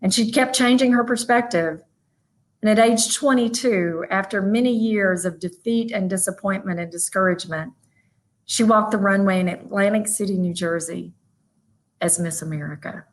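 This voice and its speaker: A woman from North Mississippi with a Southern accent, giving a motivational keynote talk in a folksy, animated way, speaking straight to her audience. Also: medium pitch, moderate pace, rough recording. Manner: folksy, animated storytelling with y'all and asides to the audience. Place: virtual event from a room with a small audience.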